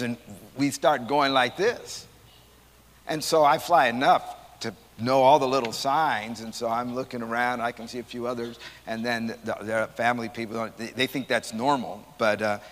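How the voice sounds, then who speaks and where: A man teaching Sunday school as a pastor, talking in a loose, animated, rambling way and often restarting his sentences. His voice sits in a middle range. It rings with the long reverb of a church hall. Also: medium pitch, slight background noise. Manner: rambling, repeats words, animated.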